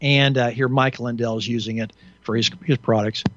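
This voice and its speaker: A man's voice: medium pitch, steady tone, moderate pace, dry recording, highs cut off. Indignant rambling male radio host. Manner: rambling, indignant and sarcastic, with frequent restarts and fillers. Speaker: radio talk show host. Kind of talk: solo radio commentary.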